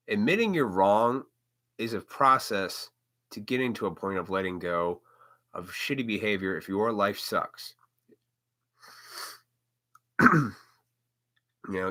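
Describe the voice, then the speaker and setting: A man's voice: on the low side, sharp tone. A man hosting a live stream, talking bluntly and with plenty of profanity in a ranting monologue.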